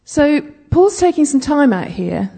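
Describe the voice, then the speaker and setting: A woman's voice: sits high, big pitch swings, unhurried, creaky, mellow. A woman giving conversational Bible teaching, chatty, with humorous asides and frequent check-ins with her listeners.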